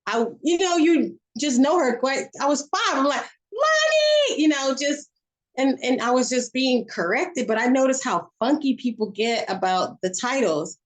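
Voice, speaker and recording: A woman's voice: high voice, moderate pace, low-quality recording. A woman guest in a casual chat interview, telling rambling stories with many restarts.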